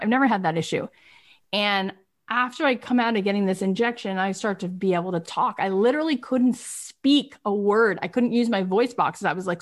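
A woman business coach on a group coaching call, talking emphatically and repeating rhetorical questions. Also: medium pitch.

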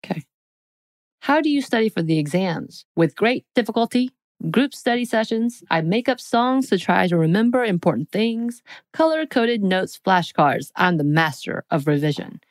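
A woman's voice: medium pitch, sing-song, moderate pace, no echo. A woman co-hosting a podcast, reading out quiz questions in a playful, teasing way. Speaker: podcast co-host. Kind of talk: casual chat.

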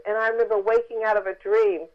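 A woman author telling a story in a phone interview, lively and acting out the voices of the people she quotes. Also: mid-range voice, quick pace, dull audio.

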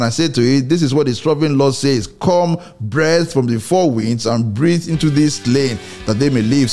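Man preaching a repetitive sermon. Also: a little mellow. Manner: repeats phrases for emphasis, rising and falling pitch.

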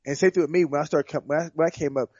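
A man's voice: on the high side, steady tone, racing, darkish tone, no room sound, lo-fi sound. A man, a fighter, breaking down a bout in casual sports chat, rambling and restarting his sentences often. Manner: rambling, repeats words and restarts. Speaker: fighter guest.

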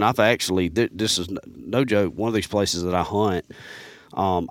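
A man with a deep, low-pitched voice spins a long, meandering yarn as a podcast guest. He keeps circling back with "man" and "you know." The studio sound is dry and close. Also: no room sound. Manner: rambling, animated, peppers speech with "man". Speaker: podcast guest, turkey hunter. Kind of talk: casual storytelling.

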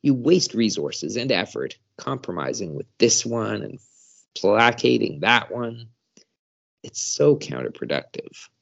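A man voicing a cold, ruthless male conqueror who lectures in slow, measured words. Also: on the low side, very animated, creaky, dull audio, full character voice.

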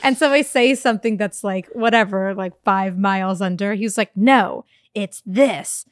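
A woman's voice: medium pitch, fairly even intonation, moderate pace, clear, resonant tone, no echo, clean studio sound. A woman podcast co-host telling a story in casual chat, acting out the voices and laughing often.

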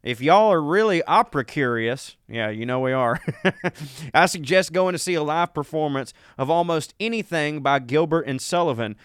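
A man's voice: fairly high pitch, animated, normal speed, a bit bright, clear, resonant tone, dry recording, studio quality. A man with a Southern US accent, co-hosting a comedy podcast in a casual, joking, folksy way as he reads listener emails aloud. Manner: joking, folksy, self-mocking.

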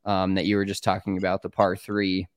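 A man's voice: deep voice, completely flat delivery, a little fast. A man co-hosting a golf podcast, talking in rambling casual chat with frequent hesitations. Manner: rambling, hesitant, lots of ums.

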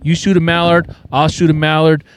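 A man's voice: a little high, flat delivery, a little fast, slight background noise. A man telling a rambling hunting story on a casual podcast, defending his side of it. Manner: rambling, self-justifying. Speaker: podcast guest.

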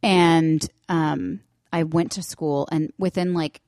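A woman's voice: sits low, takes it slowly, dry recording, studio quality. A woman in her thirties co-hosting a casual chat, telling parenting stories and acting out what others say. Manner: animated storyteller, acts out shouts in quotes. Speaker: podcast co-host.

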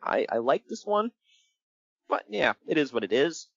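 A man's voice: fairly high pitch, moderate pace, vocal fry, no echo, dull audio. A man co-hosting a casual podcast, telling stories with a lot of laughter. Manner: laughing often, animated storytelling. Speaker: podcast co-host reviewing wrestling. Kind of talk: casual chat.

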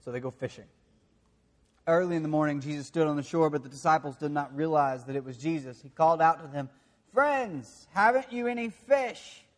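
A man from the American South with a Southern accent, preaching a sermon with self-deprecating stories that drop into quiet, confessional moments. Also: a little high, steady tone, fast talker. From Southern United States. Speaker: pastor.

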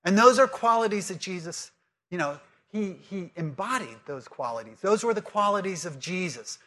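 Guy preaching a sermon, high bright voice, quizzes the crowd then teaches earnest. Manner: lively call-and-response with the congregation; earnest teaching, reads scripture aloud slowly. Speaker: pastor.

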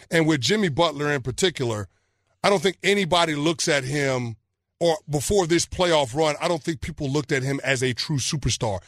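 A man's voice: a little high, fairly bright tone, dry recording, clean studio sound. A man co-hosting a sports talk show, arguing his points emphatically with stumbling restarts. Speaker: sports radio co-host.

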